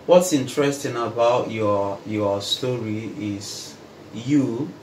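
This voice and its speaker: A man's voice: medium pitch, takes it slowly, a little mellow. A man hosting a casual conversation, speaking emphatically and turning to address the viewers. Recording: roomy echo, faint noise.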